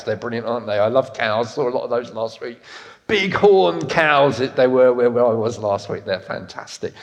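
A man in his fifties preaching a sermon, swinging from loud emphatic lines to soft, intimate ones. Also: mid-range voice. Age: 50s. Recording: echoey hall reverb.

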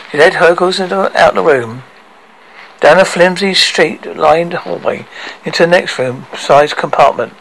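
A man reads a story aloud, halting and often correcting himself mid-sentence. His voice is fairly high for a man and gravelly. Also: a bit bright, poor audio. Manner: halting, with frequent self-corrections. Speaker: narrator.

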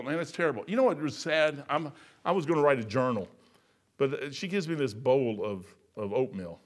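A man's voice: medium pitch, fairly quick. A man, preaching a sermon in a folksy, storytelling way. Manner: folksy, storytelling, gets loud and animated telling jokes.

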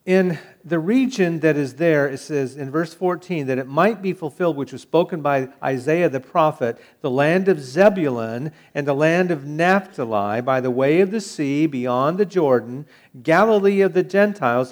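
Man preaching a casual sermon. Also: on the high side. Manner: conversational, with fillers and restarts. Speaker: pastor.

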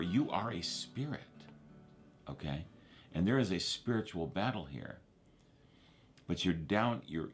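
Low-voiced male pastor, chatty sermon delivery, checks in with listeners. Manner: repeats verses, asks for amens, conversational preaching.

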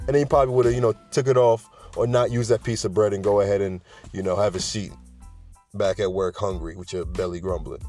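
Rambling male podcast host, mid-pitched. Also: a little mellow. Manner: rambling, digressive, chuckles often. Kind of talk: casual podcast monologue.

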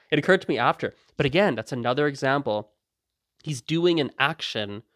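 A medium-pitched man hosts a podcast in a dry, studio-quality recording. Talking casually on his own, he animatedly acts out the voices of people in his stories and laughs often.

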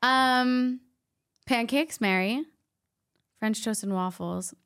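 A woman's voice: fairly high pitch, slow pace, a bit bright, clear, resonant tone. Bubbly woman chatting as a podcast guest. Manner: bubbly, playful storytelling. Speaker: podcast guest, health coach. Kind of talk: casual chat.

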